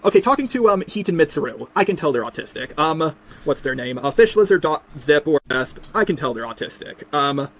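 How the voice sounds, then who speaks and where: A young man on a call, talking quickly and haltingly with nervous restarts. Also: a little high, sing-song, fairly bright tone. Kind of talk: casual chat on a call.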